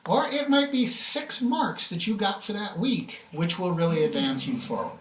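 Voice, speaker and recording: A man working as game master, explaining rule changes in a relaxed, chatty way and checking in with his players. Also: high voice, normal speed, crowd noise. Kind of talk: explaining rules and narrating a tabletop game. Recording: echoey room.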